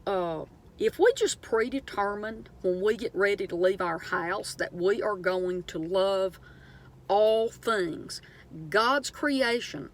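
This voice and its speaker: Middle-aged Southern woman, earnest and preachy, rambling vlog storyteller. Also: medium pitch. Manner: earnest, preachy, animated storytelling with many fillers. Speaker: vlogger. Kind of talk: casual inspirational monologue.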